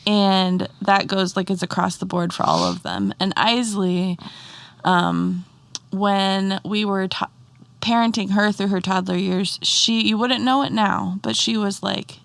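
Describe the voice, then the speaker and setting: A woman's voice: medium pitch, measured pace, creaky, no room sound. A woman in her thirties, a mother co-hosting a podcast, telling stories in a casual chatty way with lots of "like" fillers. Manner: chatty storytelling with frequent "like" fillers. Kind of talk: casual chat.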